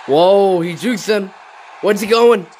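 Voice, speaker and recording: A man's voice: sits high, takes it slowly, darkish tone. A young man hosting a sports reaction video, exclaiming and repeating himself in disbelief. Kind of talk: excited sports reaction commentary.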